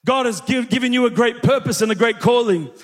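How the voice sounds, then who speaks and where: A man preaching at a fairly quick pace tells his congregation a story, full of energy and calling out questions as he goes. His pitch is unusually high, and the church hall's long reverb fills the recording.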